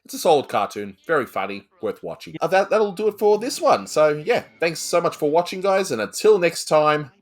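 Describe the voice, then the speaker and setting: A man's voice: on the high side, sing-song, fairly quick, few pauses. A man hosting a casual cartoon review chat, talking loosely with fillers. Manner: chatty, many fillers and laughs. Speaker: host.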